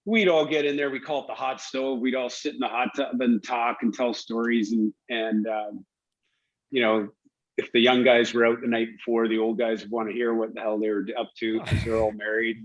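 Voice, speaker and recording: A middle-aged man, a guest, telling stories from his playing days in a casual, animated way, laughing as he goes. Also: medium pitch. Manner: animated storyteller who laughs while telling anecdotes. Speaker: guest, former hockey player. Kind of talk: casual storytelling. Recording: dull lo-fi audio.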